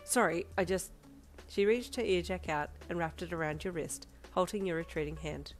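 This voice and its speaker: Low-voiced woman narrating romance. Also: brisk, faint music behind. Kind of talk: romantic fan fiction narration.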